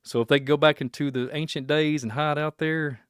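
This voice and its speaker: A podcast host from Kentucky, with the accent to match, runs a casual livestream in a rambling, speculative, joking manner. His voice is on the high side, clear and resonant, with fairly even intonation and a moderate pace. The sound is clean studio audio with no room sound.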